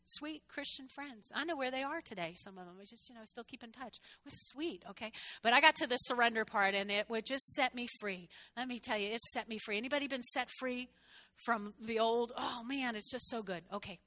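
Bright, high-voiced woman preaching. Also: brisk. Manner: animated, chatty preaching with asides to the congregation. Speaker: pastor. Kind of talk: sermon.

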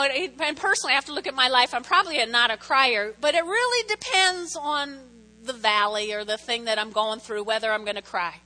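Woman, pastor, sermon, high voice, bright tone, chatty, keeps checking in with listeners.

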